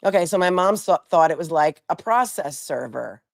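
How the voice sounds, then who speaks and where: Low-voiced blunt woman attorney commentator. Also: lively intonation, moderate pace, creaky, no room sound, studio quality. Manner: blunt, sarcastic asides. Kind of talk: live legal commentary, reading transcripts aloud.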